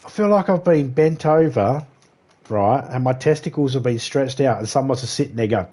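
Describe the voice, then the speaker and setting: A man's voice: mid-range voice, animated, normal speed, mellow. A man with an Australian accent live-streaming a video game, chatting casually with viewers and making crude jokes. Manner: crude, joking banter, chuckles between lines.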